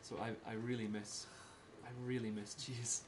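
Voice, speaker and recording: A Scottish man giving a casual talk to a small group, in simple slow words and laughing often. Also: medium pitch, little pitch movement, background noise. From Scotland. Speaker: presenter giving a talk about Scotland.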